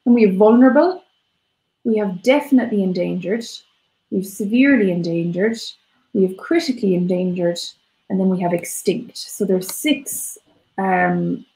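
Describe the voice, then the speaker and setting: A young woman explains points in a chatty, filler-laden way, her voice carrying some gravelly fry. The sound comes from an echoey room. She talks like a teacher on a live stream. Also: lowish voice, a little mellow. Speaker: co-host and Irish teacher. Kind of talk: live-stream language lesson.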